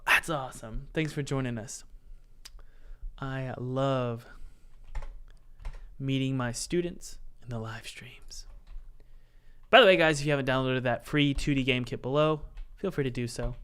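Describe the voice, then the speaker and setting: A man's voice: medium pitch, measured pace, pauses often, clear, resonant tone. A man casually teaching game development on a live stream, joking with his chat and talking himself through each step aloud. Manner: playful, jokey, chats directly with the live chat; talks himself through software steps aloud.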